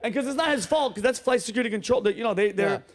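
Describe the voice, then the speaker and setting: A male comedian hosting a show, telling stories in a casual chat with loud, animated acted-out quotes. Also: very high voice, rapid-fire, a loud crowd. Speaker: comedian host.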